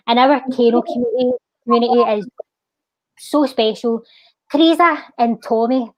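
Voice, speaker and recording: A woman with a Scottish accent, pitched a little high, delivers spoken word poetry and casual chat in a lilting, heartfelt way. She eases her pace on the refrain. The sound is dry, with no room echo. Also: a little mellow. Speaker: guest poet.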